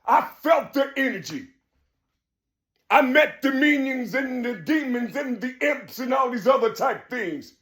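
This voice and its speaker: A man in his fifties speaks alone at home in a forceful, sermon-like rant. His voice sits very high for a man and keeps swelling into shouts. He hammers his points home by repeating himself emphatically. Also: lively intonation, a little slow. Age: 50s. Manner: emphatic, preachy, repeats "you see", bursts into shouting. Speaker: video blogger. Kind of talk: solo monologue rant.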